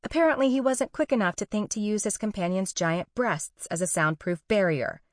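A woman's voice: mid-range voice, moderate pace, no room sound. Wry young woman narrating, dry sound. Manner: wry, sarcastic, profane. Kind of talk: first-person audiobook narration.

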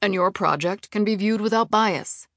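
A woman voicing a smooth, impatient male TV executive in an audiobook, patronizing and defensive. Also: medium pitch, normal speed, fairly bright tone, dry recording, studio quality, close to an everyday voice. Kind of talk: audiobook character reading.

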